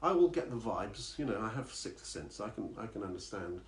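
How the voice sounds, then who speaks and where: A man's voice: on the low side, big pitch swings, fairly quick. A man who sings and writes songs, chatting on a live stream between comic songs, rambling and making fun of himself. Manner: rambling, self-deprecating asides. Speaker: singer-songwriter performing live. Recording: echoey room, guitar playing.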